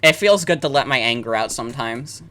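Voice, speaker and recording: A woman streaming a game, ranting loudly with lots of swearing and "like" fillers. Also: extremely low pitch, animated, a little fast. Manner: profane, loud, lots of "like" fillers. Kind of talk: ranting let's-play commentary.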